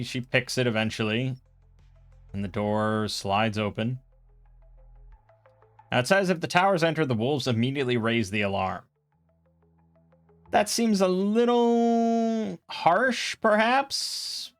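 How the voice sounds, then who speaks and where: Man narrating a solo tabletop game. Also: mid-range voice. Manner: thinking aloud, reading rules and rolls. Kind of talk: casual solo role-play narration.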